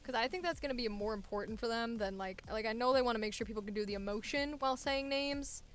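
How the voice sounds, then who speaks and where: A woman's voice: fairly high pitch, quick pace, faint music behind. A young woman voice actor chatting to herself casually while working, muttering at her computer and swearing now and then.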